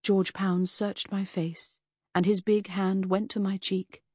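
A woman reading a first-person audiobook in an expressive, lively storytelling manner, voicing the characters. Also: medium pitch, slow, husky, no echo, studio quality. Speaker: audiobook narrator.

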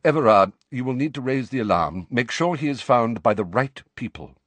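A man reading aloud and voicing an old male headmaster wizard who speaks quietly, calmly and in measured tones. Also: mid-range voice, dry recording, voice pushed up.

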